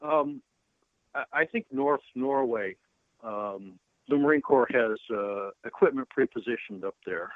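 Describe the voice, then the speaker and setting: A man's voice: mid-range voice, unhurried, no room sound. Older man telling stories over a phone line. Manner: folksy, self-deprecating anecdotes with frequent restarts. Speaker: guest, retired Marine colonel. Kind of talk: casual storytelling interview. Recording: tinny phone-line audio.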